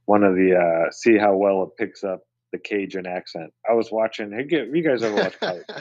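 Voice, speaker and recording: A man co-hosting a podcast in casual chat, telling stories with animated, lively delivery. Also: normal speed, dry recording, highs cut off. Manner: animated storyteller, mimics people in high voices. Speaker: podcast co-host.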